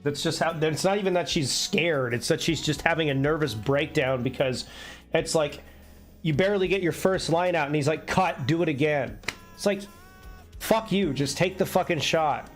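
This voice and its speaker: A man's voice: a little high, moderate pace, soft background music. A man live-streaming an unscripted rant, blunt and heated, swearing constantly.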